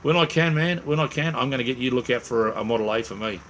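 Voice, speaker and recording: Talking quickly in a mid-range, fairly bright voice, an Australian man chats loosely with viewers on his late-night livestream. He's low on sleep, rambling and relaxed, peppering it all with "mate," "um," friendly slang, and fillers, while slight background noise sits underneath.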